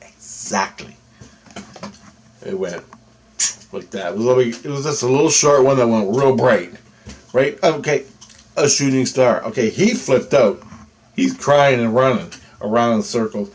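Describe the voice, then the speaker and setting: A man's voice: medium pitch, unhurried, pauses often, a little hiss or hum. A man vlogging a personal story to camera in a loose, rambling way, full of asides.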